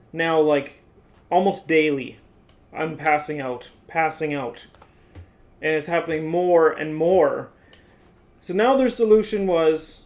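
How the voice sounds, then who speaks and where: A man in his twenties telling his story in a casual, exasperated way, full of "like"s. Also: high-pitched. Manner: animated, exasperated retelling with many "like"s.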